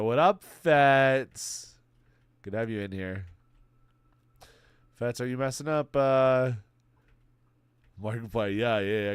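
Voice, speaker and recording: A young man from Texas with a stuffy nose, his voice low and set in a dry, close space with no room sound. He rambles loosely through a casual livestream chat, with frequent swearing and laughter. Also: dry recording.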